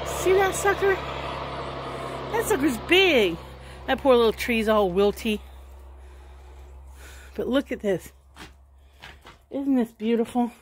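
A woman's voice: a little high, expressive, slow, pauses often, slight background noise. A woman talking casually and rambling to her camera while she walks outdoors around her house, musing aloud as she goes. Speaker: vlogger. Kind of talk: casual walk-and-talk vlog.

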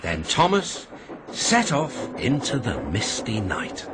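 A British man narrating a children's story in a very animated, expressive way over background music. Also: lowish voice, slow pace, very noisy.

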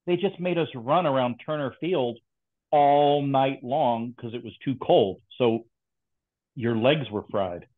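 A man's voice: mid-range voice, slow. A man casually telling stories from his training days, with dry, teasing banter. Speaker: former SEAL guest. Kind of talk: casual storytelling chat. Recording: tinny phone-like line.

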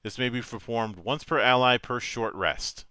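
Reading out the rules of a tabletop game, this game master stays steady and matter-of-fact, with the occasional small stumble. The recording is dry and close without room sound, carrying his bright, forceful, mid-range voice.

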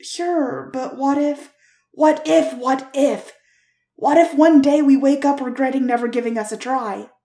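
A woman's voice: high-pitched, fairly even intonation, unhurried, warm tone, echoey room, pitched above the performer's own voice. A woman reading Marinette, a wry young woman. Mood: anxious.

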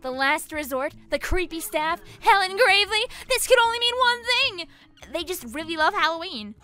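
Giggly high-voiced woman streamer. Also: moderate pace. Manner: excitable, giggly, shrieks at the screen. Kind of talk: gameplay commentary.

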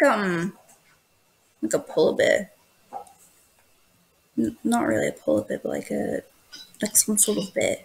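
A woman's voice: mid-range voice, big pitch swings, takes it slowly, creaky, pauses often. A woman hosting a casual gameplay video, playful and teasing, often breaking into giggles. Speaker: gaming channel host.

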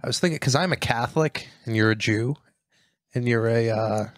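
A man's voice: medium pitch, moderate pace, no room sound, clean studio sound. A man in casual comedic podcast chat, tossing off joking one-liners. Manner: jokey, tosses off deadpan gags.

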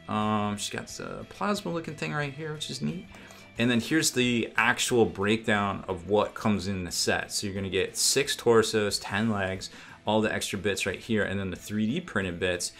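A man's voice: on the low side, fairly bright tone. A man giving a casual unboxing commentary as a miniatures reviewer, rambling with fillers and self-corrections.

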